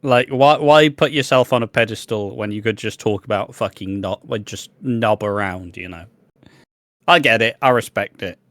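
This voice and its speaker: A man with a fairly low, slightly bright voice talks at a moderate pace as a podcast co-host. Brash and jokey, he swears freely in a casual chat recapping a soap.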